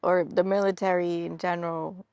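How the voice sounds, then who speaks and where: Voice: mid-range voice, flat delivery, normal speed, vocal fry, darkish tone, clear, resonant tone, no echo. An interviewer giving short replies and laughing along as the guest talks. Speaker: interviewer, host. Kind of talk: casual interview.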